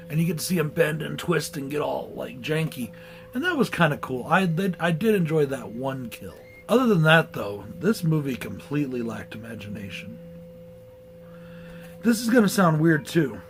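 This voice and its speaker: A man's voice: a little high, slight background noise, poor audio. A man giving a blunt, profane movie review in a casual rant.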